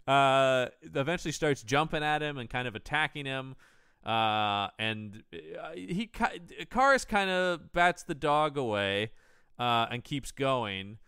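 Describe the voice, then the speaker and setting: A man's voice: mid-range voice, expressive, slow, sharp tone, clear, resonant tone, no room sound, clean studio sound. A man co-hosting a podcast, recapping a movie plot in casual chat and acting out lines in goofy voices. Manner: recaps the plot and acts out quotes in silly voices. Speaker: podcast co-host. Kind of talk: casual film discussion.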